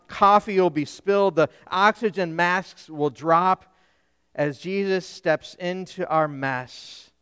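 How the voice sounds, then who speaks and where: A man's voice: a little high, fairly bright tone, clear, resonant tone, long reverb tail. A man, a Lutheran pastor, preaching a sermon emphatically and putting questions to the congregation.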